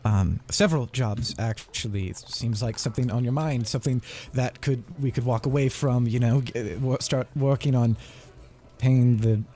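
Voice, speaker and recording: A man playing a character in a tabletop game, talking haltingly with many restarts and hesitations. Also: mid-range voice, mellow. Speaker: player.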